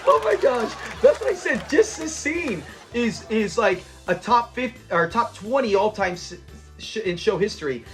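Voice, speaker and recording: A man with a high voice chats casually through a sitcom episode he loves, quoting the characters' lines and breaking into laughter. His delivery is animated and full of playful mimicry. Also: measured pace, soft background music. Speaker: host of a show review channel.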